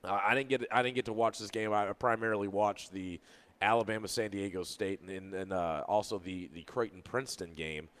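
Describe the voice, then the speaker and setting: A man's voice: on the low side, a little fast, fairly bright tone. A man co-hosts a sports radio show and talks basketball in a loose, casual way. He wanders from point to point and restarts his sentences, speaking into a studio mic. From Louisville, Kentucky.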